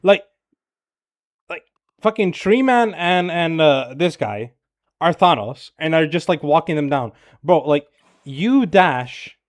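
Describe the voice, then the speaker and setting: A man's voice: a little high, lively intonation. A man reviewing a player's gameplay as a coach, talking casually and criticizing bluntly and profanely, with lots of "bro" and "right?". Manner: filler-heavy rapid talk with frequent "bro" and "right?". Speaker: game coach.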